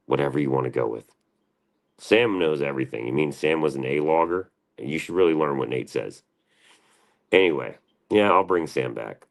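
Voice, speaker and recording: A man's voice: very deep voice, moderate pace, long pauses. A man hosting a livestream, answering his chat in a profane, combative and defensive rant. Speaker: livestream host.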